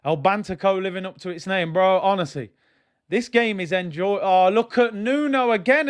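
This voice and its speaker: A young man giving excitable, slang-heavy live commentary as he watches a football match, now and then bursting into shouts. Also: high voice, moderate pace. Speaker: football fan streamer.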